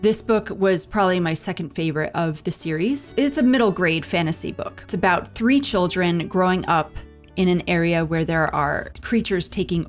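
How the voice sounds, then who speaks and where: Earnest woman reviewing books. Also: lowish voice. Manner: earnest, emphatic, sighs often. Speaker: book reviewer. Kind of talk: casual book review.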